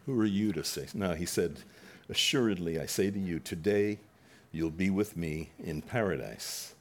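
A male pastor with a low voice preaches a sermon at a moderate pace, reading scripture and retelling it dramatically. He breaks into sudden loud bursts when voicing the mockers.

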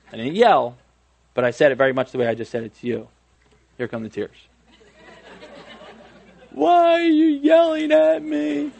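A man in his thirties gives a sermon in a relaxed, conversational way. He often restarts his sentences, adds friendly asides and pokes fun at himself. His voice sits at an ordinary middle pitch. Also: creaky. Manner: conversational, self-deprecating, many restarts and asides. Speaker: pastor.

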